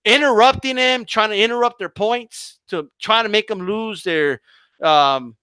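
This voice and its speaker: High pitched guy ranting on his boxing stream, bright edgy voice, cussing and tripping over words. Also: unhurried, smooth, no echo. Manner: fiery, profane, repetitive, stammering restarts. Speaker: boxing livestream host. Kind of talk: heated livestream rant.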